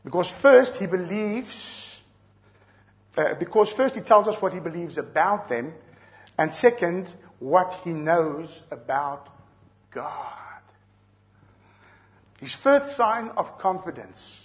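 A middle-aged preacher with a somewhat high voice delivers an earnest sermon. He swings from soft, low asides to loud, urgent calls, and his pitch moves widely across each point. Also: very animated, takes it slowly, pauses often. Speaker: pastor.

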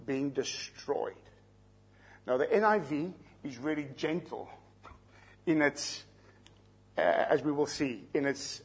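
A man's voice: medium pitch, husky. A man with a South African accent preaching an expository sermon, explaining scripture verse by verse and putting questions to his listeners. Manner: teaching, explains terms, asks the listeners questions.

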